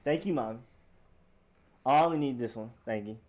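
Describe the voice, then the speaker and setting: A man's voice: moderate pace, background noise. A young man hosting a live stream, chatting casually and playfully with viewers in a rambling way. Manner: rambling, playful, lively swings in pitch.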